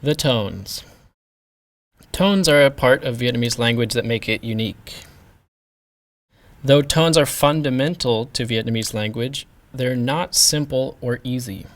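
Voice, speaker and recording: A man's voice: mid-range voice, unhurried. A man teaching pronunciation, carefully demonstrating each sound. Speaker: language teacher. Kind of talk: pronunciation lesson.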